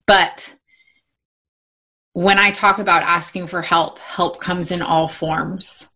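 A woman's voice: sits low, bright, forceful tone. A woman in her thirties hosting a motivational podcast for mothers, talking in a reassuring, encouraging way. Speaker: podcast host and mom coach.

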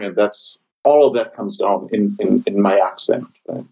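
A man with a German accent hosts a podcast conversation. His voice sits a little low and has a husky edge. He talks thoughtfully and often stops to search for the right word. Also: normal speed, few pauses, a little mellow, rough recording. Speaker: podcast host. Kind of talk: casual conversation.

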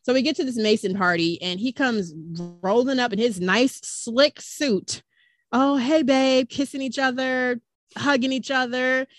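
A woman's voice: fairly high pitch, moderate pace. A woman co-hosting a podcast, telling a story in a chatty, conversational way. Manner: chatty, laughs along, conversational. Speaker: podcast co-host. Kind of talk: casual storytelling chat.

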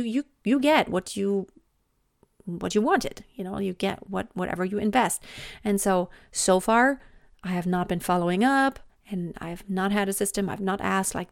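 A woman in her thirties talking casually about parenting in a chatty, animated way with many fillers. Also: medium pitch, normal speed, creaky, no echo, clean studio sound. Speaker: podcast host, mother. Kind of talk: casual personal monologue.

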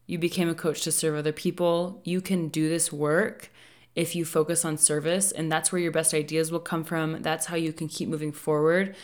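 A woman who is a business coach hosting a solo podcast, talking casually and earnestly with many fillers and light laughs. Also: low voice.

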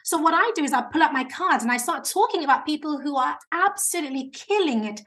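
A woman speaking coach giving advice in an interview, animated and talkative. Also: high-pitched, fast. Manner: animated, chatty, self-described natural talker.

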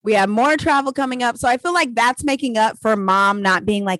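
Chatty woman with a high, dry voice. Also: a little fast, a bit bright, no echo. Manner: self-deprecating, laughs often, trails off mid-sentence. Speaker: co-host. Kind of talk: casual chat.

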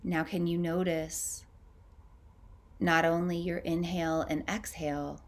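A woman hosting a podcast, leading a guided breathing meditation in a slow, gentle, soothing way with long pauses. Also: lowish voice, little pitch movement.

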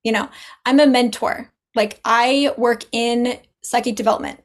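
A woman's voice: on the high side, steady tone, normal speed. A woman guest on a casual podcast, chatting, laughing often and acting out the things people said. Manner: chatty, laughs often, acts out quoted dialogue.

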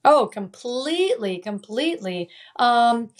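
A woman from Italy and Venezuela talks as a coach in an interview. Her voice sits a little high. She is emphatic and keeps repeating her main points in motivational talk. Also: animated, slow. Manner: emphatic, repeats key phrases. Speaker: guest, life coach.

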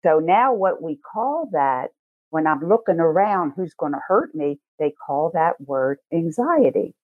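Woman, slightly low voice, animated teaching manner, tinny phone-quality audio. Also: measured pace, no echo. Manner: animated, acts out feelings in first person. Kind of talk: conversational teaching. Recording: tinny phone-like line, dry.

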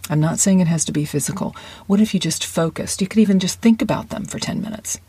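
Acting coach, lesson monologue, warm mellow tone, dry recording. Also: medium pitch, husky, no echo. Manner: conversational, encouraging, drops into quick inner-voice asides. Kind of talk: podcast-style lesson monologue.

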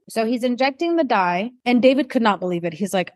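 A woman's voice: on the high side, fast, hardly any pauses, no echo, studio quality. A woman, a chiropractor guest, telling a personal story in casual conversation and acting out the dialogue. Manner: animated, acts out dialogue in her story.

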